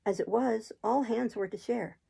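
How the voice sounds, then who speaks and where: A woman reading a classic adventure novel aloud as an audiobook in a steady, unhurried storytelling manner. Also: a little high, vocal fry, breathy edge, rough recording. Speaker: audiobook reader.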